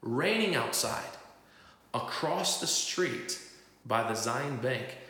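A man with a mid-range, bright, forceful voice preaches a testimony sermon at a slow, animated pace. He tells his own story and acts out the voices of the people he quotes, and the recording has the echo of a large hall.

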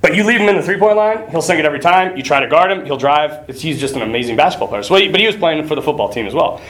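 A man's voice: a little high, rapid-fire. A man preaching a conversational sermon, telling stories with frequent laughs and casual asides. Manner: animated, laughs often, casual "you know, like" asides.

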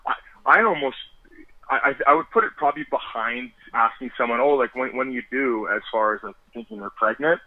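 A man in the middle pitch range spins loose anecdotes as a podcast guest, stumbling over restarts and peppering them with curses. His voice sounds dry and dull, like lo-fi remote audio. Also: a little fast, dry recording. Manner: rambling, stammers and restarts, swears freely. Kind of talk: casual storytelling.

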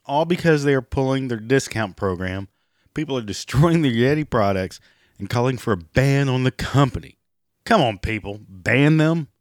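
A hoarse man with a raspy voice, giving sarcastic, profane commentary and mocking the people he talks about. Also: mid-range voice, animated, normal speed, dry recording, studio quality. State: hoarse, clearing throat and coughing. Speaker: commentary vlogger. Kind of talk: ranting commentary.

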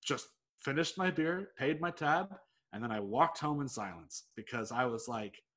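A man's voice: medium pitch, moderate pace, a bit bright. A young man, chatting casually and telling a long story, rambling with lots of "like" and swearing freely. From United States. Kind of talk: casual chat.

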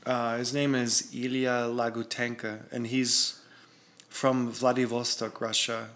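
A man, a music video director and guest, chatting in a relaxed way about his work. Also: mid-range voice, a little slow. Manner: relaxed, chatty, laughs easily. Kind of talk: casual chat.

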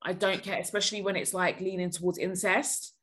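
A woman's voice: fairly low pitch, flat delivery, brisk, a bit bright, husky. A woman hosting a podcast, giving blunt, emphatic advice in casual chat.

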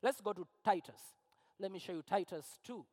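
A man's voice: high voice, moderate pace, darkish tone. A man preaching a sermon as pastor, emphatic and repetitive, with rising fervor. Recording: long hall reverb.

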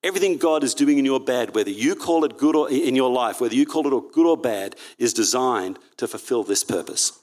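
Preaching a sermon in church, a man earnestly reads Bible passages aloud and often corrects himself. His mid-range voice is a little mellow, with lively intonation and a slightly fast pace.

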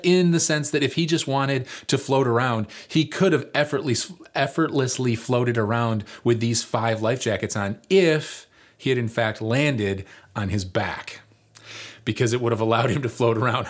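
A man's voice: medium pitch, moderate pace. Male pastor telling a story in his sermon, laid back, lots of ums and uhs. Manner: casual, rambling with fillers. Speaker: lead pastor.

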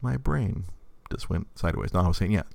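A man's voice: deep voice, animated, brisk, creaky, darkish tone, no echo. A man in his thirties chatting casually as a podcast host, rambling with many stammered restarts and frequent laughs. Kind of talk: casual chat.

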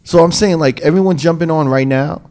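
A man's voice: fairly high pitch, fairly quick. A man in casual group banter, swearing freely and ranting with exasperation while telling stories. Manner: exasperated, profane, animated storytelling.

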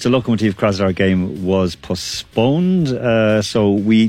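A man hosting a radio sports roundup from a studio, chatty and rambling with lots of fillers. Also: fairly low pitch. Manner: chatty, rambling, self-deprecating with many fillers. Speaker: radio sports show host.

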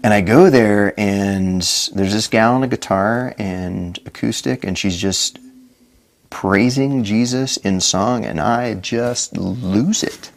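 Brief: low-pitched middle-aged man, podcast guest, earnest storyteller who acts out dialogue. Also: slow. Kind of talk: personal story in a podcast interview.

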